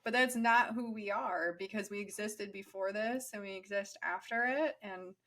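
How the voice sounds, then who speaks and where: A woman's voice: mid-range voice, moderate pace, a bit bright. A woman hosting an interview, reflecting earnestly on soul and energy in a conversational way. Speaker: podcast host.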